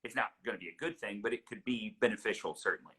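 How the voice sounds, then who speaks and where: A man's voice: on the low side, fast talker, a bit bright, low-quality recording. A man hosting an interview, chatty and enthusiastic, his speech full of casual fillers. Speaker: host.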